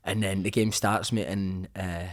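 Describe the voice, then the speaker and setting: A middle-aged man, a former footballer, telling a story as a guest on a casual podcast. He swears freely and tells it with lively energy. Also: low voice, a little slow. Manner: swears often, animated storytelling.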